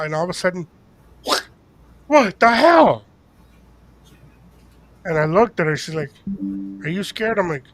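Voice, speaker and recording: A man's voice: fairly high pitch, gravelly. An older man telling a story in casual chat on a podcast, acting out the voices of the people in it. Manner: animated storyteller acting out quotes. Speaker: podcast co-host.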